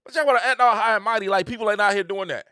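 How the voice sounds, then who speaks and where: A middle-aged man, hosting a casual opinion monologue with an animated, repetitive, preacher-like cadence. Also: high-pitched, very fast, smooth, dry recording, studio quality. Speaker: host.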